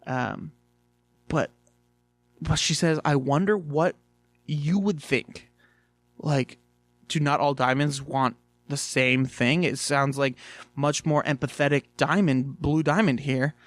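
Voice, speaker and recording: A man recaps a cartoon episode in an easygoing, excitable way, peppering it with fillers and swear words. His voice sits mid-range, and the recording is completely dry and close. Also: mid-range voice, slow, dry recording. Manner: animated, chatty, swears freely, many fillers. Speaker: video reviewer. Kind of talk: casual review chat.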